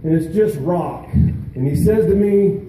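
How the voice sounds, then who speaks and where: A man, a veteran and peer mentor, giving an emotional speech at an outdoor charity event, halting with pauses and fillers. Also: high voice, animated, warm tone, heavy reverb, far from the mic, a little hiss or hum, rough recording.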